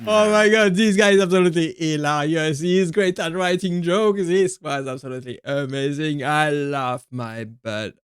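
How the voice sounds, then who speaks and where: A man's voice: a little high, moderate pace, few pauses, clean tone. A man hosting a reaction video, commenting on comedy clips with enthusiastic, simple phrasing.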